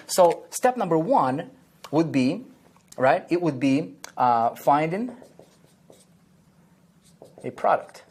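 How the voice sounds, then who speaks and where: Husky man teaching marketing at a whiteboard. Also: fairly high pitch, darkish tone. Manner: constant check-ins like "okay?" and "right?"; repeats key phrases for emphasis. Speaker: online marketing trainer.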